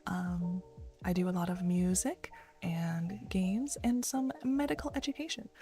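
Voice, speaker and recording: A woman streaming in a hushed, half-whispered morning voice, reading an academic paper aloud in a soft ASMR style and chatting casually in between. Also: on the low side, measured pace. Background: faint background music.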